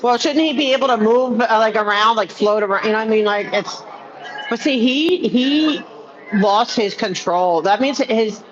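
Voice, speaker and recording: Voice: medium pitch, normal speed. A person chatting casually on a live stream, rambling with lots of "like" and restarts. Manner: rambling, many fillers and restarts. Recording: muffled with crowd chatter behind.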